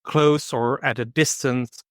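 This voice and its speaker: A man co-hosting a podcast, talking in a calm, measured way with dry humor. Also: medium pitch, dry recording. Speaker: podcast co-host. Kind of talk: casual chat.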